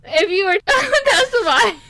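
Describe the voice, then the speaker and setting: A woman co-hosting a podcast in casual chat, animated and quick to giggle. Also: extremely high pitch, no room sound. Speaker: podcast co-host.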